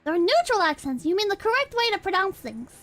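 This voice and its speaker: Very high-pitched giggly woman streamer. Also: very animated, quick pace, a bit bright, no echo, soft background music. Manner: giggly, banters with chat, breaks into shrieking laughter. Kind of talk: casual chat with viewers.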